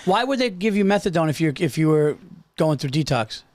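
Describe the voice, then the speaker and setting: A man's voice: on the high side, expressive, fairly quick, no room sound. A man hosting a podcast interview, nodding along with short affirmations and asking probing follow-up questions. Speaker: podcast host. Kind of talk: casual interview.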